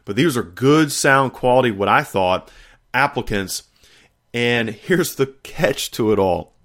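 A middle-aged man, hosting a faith podcast and telling a personal testimony in an animated, storytelling way with frequent laughter. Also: medium pitch, measured pace. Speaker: podcast host.

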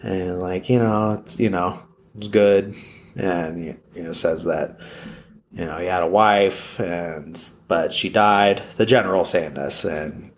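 Man, low voice, casual plot retelling, rambling, filler-heavy. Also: fairly even intonation, slow pace. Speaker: film plot recapper.

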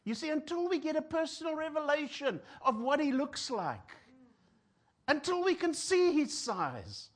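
Preaching a sermon, this South African man has a very high-pitched voice. He moves from loud, forceful declarations to near-whispers and imitates the voices of despairing people.

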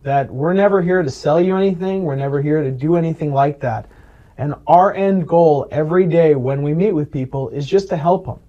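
A man's voice: on the high side, fairly quick, highs cut off. A man working as a Medicare planner, earnestly retelling client stories in an interview. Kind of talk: interview storytelling.

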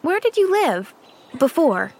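A woman's voice: sits high, sing-song, a little slow, voice pushed up, full character voice. A woman doing a chirpy eager little girl. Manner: bright, chatty, eager questions. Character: cheerful eager eleven-year-old girl.

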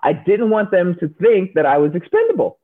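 Over a narrow, phone-like line, this woman, once an Olympic shot putter, speaks a little fast in a husky, low-leaning voice. Her interview answers are stories, told animatedly, with her acting out the quoted voices.

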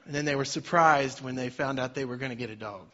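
A man, a pastor, preaching a sermon with dynamic swings between loud emphasis and soft, quiet lines. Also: mid-range voice, quick pace, dull audio.

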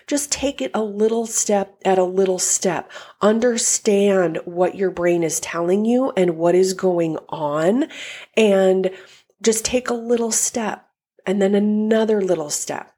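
Gentle, reassuring woman podcast host. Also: mid-range voice. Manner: gentle, reassuring, conversational with fillers; soft cooing voice for calming her dog. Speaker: life coach and podcast host. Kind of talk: casual solo podcast talk.

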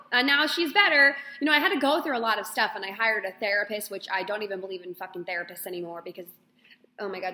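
A young woman telling a personal story on her podcast, rambling and expressive with lots of fillers. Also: fairly high pitch. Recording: echoey room with long reverb.

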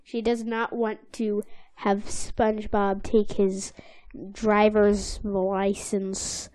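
A woman's voice: mid-range voice, level tone, slow, darkish tone, no room sound. A woman co-hosting a podcast, chatting casually and playfully, sometimes slipping into silly voices. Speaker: podcast co-host. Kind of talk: casual chat recapping a cartoon episode.

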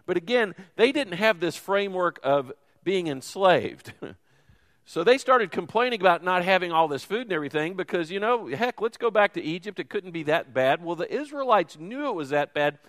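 A man's voice: sits high, animated, moderate pace, a bit bright, long reverb tail. A man preaching a sermon as teaching pastor, in a conversational, folksy way. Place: church sanctuary.

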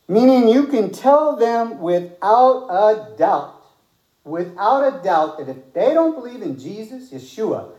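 A man's voice: on the high side, a little mellow, echoey room, rough recording. A man preaching a sermon, emphatic and repeating points for stress, and reading scripture aloud.

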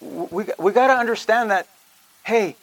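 A preacher with a voice that sits high speaks at a moderate pace on a dry recording. He delivers a casual sermon, whispering asides and building up for emphasis, and he keeps checking in with his listeners.

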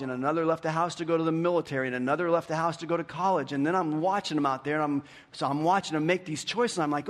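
A pastor in his fifties preaching a sermon, telling stories with animation and dropping to hushed, repeated questions. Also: a little high, quick pace, hardly any pauses. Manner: animated storytelling, swings from hushed questions to lively retellings. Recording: long hall reverb.

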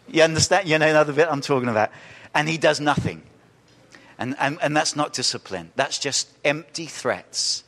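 A male pastor preaching a sermon, animated, acting out quoted voices and asking the congregation questions. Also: on the high side, normal speed. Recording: reverberant church hall.

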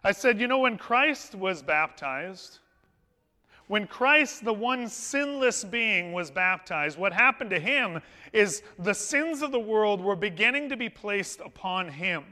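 High, bright-voiced male pastor preaching. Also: lively intonation, takes it slowly. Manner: conversational, anecdotal, warm humor. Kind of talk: storytelling sermon. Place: church sanctuary. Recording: long hall reverb in a church.

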